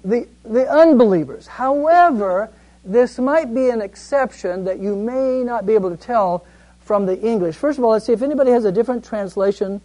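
A man's voice: very high voice, normal speed, warm tone, rough recording. A man teaching a Bible study class, reading scripture aloud and explaining it conversationally, asking the group questions and answering them himself.

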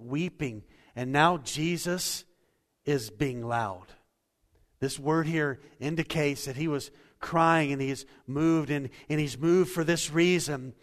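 A pastor preaching a sermon, conversational and earnest, dropping to hushed intensity and rising to louder emphasis. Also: male voice, fairly high pitch. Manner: conversational, folksy storytelling with restarts. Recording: long church reverb.

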